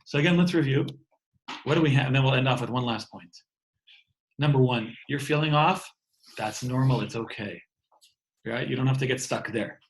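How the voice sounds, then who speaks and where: A man's voice: medium pitch, moderate pace, pauses often, a little hiss or hum, poor audio. A man in his thirties giving an earnest inspirational talk over a video call from home, often repeating words as he goes. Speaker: speaker giving an online talk. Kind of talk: warm inspirational talk to an online audience.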